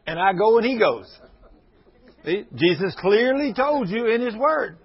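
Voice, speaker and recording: A man in his sixties delivers a sermon to a congregation in a high-pitched, husky voice with lively intonation and a moderate pace. He's folksy and emphatic, slipping into fervent prayer. The recording is dull and lo-fi.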